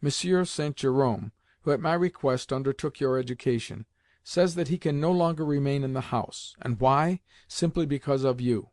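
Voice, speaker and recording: A man's voice: mid-range voice, normal speed, darkish tone, dry recording, clean studio sound, natural voice. A man reading the part of a stern, reproachful old aristocratic grandmother, with raised, emphatic scolding delivery.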